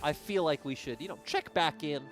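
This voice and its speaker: A man chatting casually as an esports caster, animated, with lots of fillers and laughs. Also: a little high, over music. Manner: rapid, animated, laughs, says 'like' a lot. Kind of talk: casual banter between casters.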